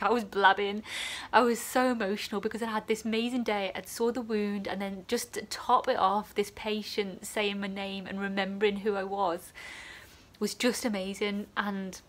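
A young woman with an English accent, a student nurse vlogging with emotion, teary and at times dropping to a whisper. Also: medium pitch. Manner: tearful, gushing, drops to whispers. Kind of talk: emotional personal vlog.

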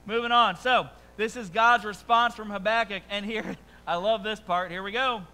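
A man's voice: high voice, fairly even intonation, moderate pace, sharp tone, smooth, long reverb tail, poor audio. A man preaching a sermon as pastor, talking conversationally with humorous stories and rhetorical asides.

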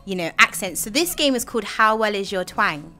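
A young woman from Bristol hosting a casual interview, upbeat and quick to laugh. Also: medium pitch, animated, sharp tone, soft background music. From Bristol, England. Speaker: host.

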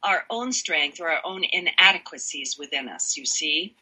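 Woman guest, lowish pitch, very bright and husky, reflective with lots of fillers. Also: animated, normal speed, poor audio. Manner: reflective, explains with examples, frequent fillers. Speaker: guest, voice and energy workshop leader. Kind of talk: casual interview chat.

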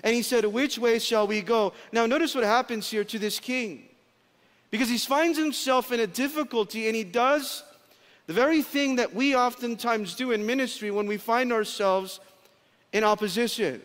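A pastor preaching a sermon at a conference, emphatic, slowing and dropping low on key phrases. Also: male voice, a bit bright. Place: large conference hall. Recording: long hall reverb.

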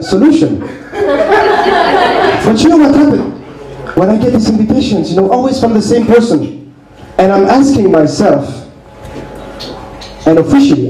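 A man performing a stand-up comedy set, with deadpan asides, on a club stage with a handheld mic and the audience laughing behind him. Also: sits high. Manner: deadpan, reads messages aloud with playful asides. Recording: echoey club with noise.

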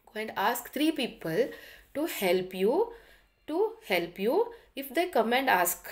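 A woman's voice: mid-range voice, lightly acted. A woman voicing a greedy lion in a storybook read-aloud, speaking in a mocking, gloating way. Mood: bargaining. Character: greedy, boastful hungry lion.

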